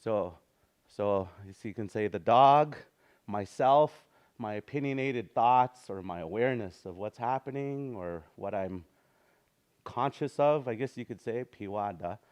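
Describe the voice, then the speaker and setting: A man's voice: mid-range voice, measured pace, a little mellow. A man leads a small classroom language lesson in an easygoing, conversational way. He chuckles between points and draws out his words in a sing-song lilt. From Canada. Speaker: language teacher. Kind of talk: casual classroom teaching.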